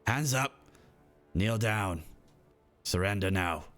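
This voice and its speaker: A man voicing cultist guards in a tabletop game, barking orders loudly. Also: lowish voice, lively intonation, slow pace, faint music behind. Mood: commanding. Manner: barking, commanding. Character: angry male cultist guards shouting orders.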